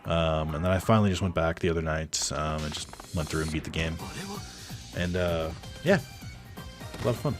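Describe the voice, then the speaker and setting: A man's voice: rumbling low, normal speed, pauses often, over music. A man telling a casual, rambling story over his gameplay as a YouTuber, full of fillers and chuckles. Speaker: gaming YouTuber.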